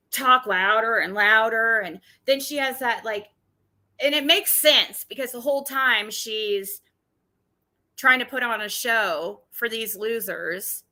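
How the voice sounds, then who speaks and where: Woman on a livestream, sharp bright voice, blunt n combative, keeps restarting. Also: fairly high pitch. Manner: blunt and combative, with frequent swearing; halting, with frequent restarts. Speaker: livestream host. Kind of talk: casual livestream commentary.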